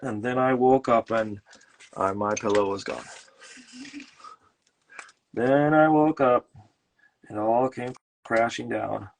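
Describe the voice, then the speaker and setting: A man's voice: lowish voice, steady tone, creaky. Rambling joking man. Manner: rambling, joking tall-tale storytelling; halting, full of fillers and restarts. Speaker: host and illustrator. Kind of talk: casual live-stream chat while painting.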